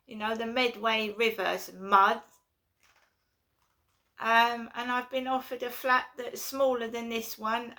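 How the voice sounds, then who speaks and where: A woman's voice: on the high side, creaky, pushed and bright. A woman, ranting and swearing in a home vlog, repeating herself as she gets worked up. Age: 50s. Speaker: vlogger. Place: at home indoors.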